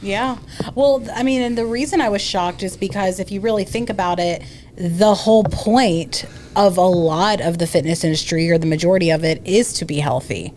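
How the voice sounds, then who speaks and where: A woman's voice: medium pitch, normal speed, darkish tone, a little hiss or hum. A woman co-hosting a podcast, engaged and asking her guest questions in casual chat. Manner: engaged, asks questions, reacts with surprise. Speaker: podcast co-host.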